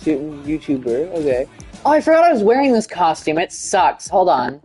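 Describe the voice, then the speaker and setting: Rambling gamer doing a mock British accent. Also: female voice, low-pitched, big pitch swings, moderate pace, a little mellow, soft background music. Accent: put-on British. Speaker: gaming YouTuber. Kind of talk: comedic gameplay commentary.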